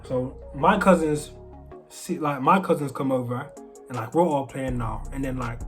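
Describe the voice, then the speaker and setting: A man's voice: medium pitch, moderate pace, fairly bright tone, faint music behind. Rambling British man telling a story. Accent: British English with American traces. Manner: rambling, full of restarts and "like" fillers. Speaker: storyteller vlogger. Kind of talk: casual storytelling.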